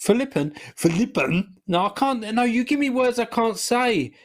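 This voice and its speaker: A man's voice: extremely high pitch, normal speed. A man co-hosting a casual chat show, presenting clips in an easygoing, chuckling way.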